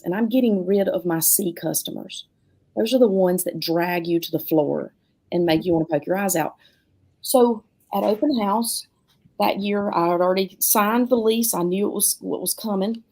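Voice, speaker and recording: Middle-aged woman, dance studio owner, chatty storyteller who acts out every quote. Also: mid-range voice. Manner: animated, acts out quotes in different voices. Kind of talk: casual storytelling chat.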